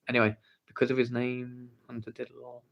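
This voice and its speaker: An English man hosting a casual livestream, reading the chat and playfully pestering viewers for the story. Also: medium pitch. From England. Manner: playful, teasing, pleading for the story. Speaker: livestream host. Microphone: phone.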